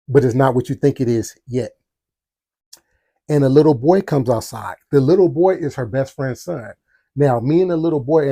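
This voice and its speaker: A man hosting a storytelling podcast, telling a personal story animatedly and speaking straight to his listeners. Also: mid-range voice. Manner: animated, talks to the audience, acts out quotes. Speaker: podcast host.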